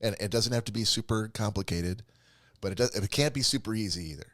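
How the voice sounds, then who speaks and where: Low, bright-voiced man hosting a podcast. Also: no echo, studio quality. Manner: rambling, stop-start questions, quick to laugh. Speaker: podcast host. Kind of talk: casual podcast chat.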